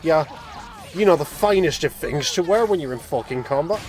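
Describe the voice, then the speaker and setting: A man with a slightly high-pitched voice, riffing loosely over a game stream. He swears freely and teases his co-host, his talk rambling from one tangent to the next. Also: expressive, moderate pace, darkish tone. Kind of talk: casual let's-play commentary.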